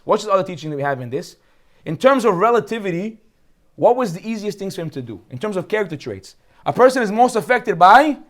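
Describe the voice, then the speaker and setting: A rabbi from Brooklyn with a Brooklyn accent, teaching a lively Torah class, joking and firing off rhetorical questions. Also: male voice, high voice. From Brooklyn, United States.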